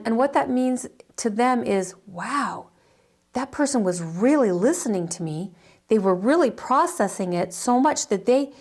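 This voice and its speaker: A middle-aged counseling instructor teaches counseling skills in a chatty, informal style, acting out sample dialogues full of fillers and restarts. Her voice is medium-pitched with a darkish tone.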